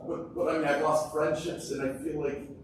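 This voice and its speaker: A man speaking as a panel guest, candid and halting as he shares personal reflections. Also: fairly high pitch, level tone, a little hiss or hum. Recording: very echoey room, distant mic.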